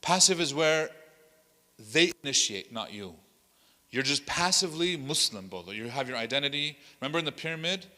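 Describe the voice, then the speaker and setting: An imam leads a workshop with a bright, forceful voice, telling stories with energy and slipping Arabic phrases into his talk. He is recorded in the hall of an Islamic center, where the sound rings with a long reverb. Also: a little high, fairly quick. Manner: animated, acts out quotes in other voices. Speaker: imam leading a dawah workshop. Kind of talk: workshop teaching with told stories.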